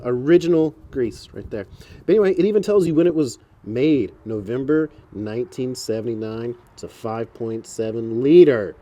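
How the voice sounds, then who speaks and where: This man has a warm, medium-pitched voice and talks through fixing a car for his vlog, filmed outside next to a truck with a camera mic. He keeps it casual and chatty, pokes fun at himself, and tends to ramble on.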